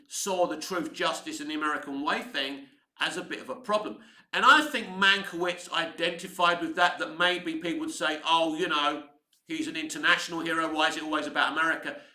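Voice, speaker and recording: A man in his fifties rambles enthusiastically through his thoughts on a film. His voice is very bright and a little high for a man. The room around him is noticeably echoey. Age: 50s. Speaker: film commentator. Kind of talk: casual film commentary.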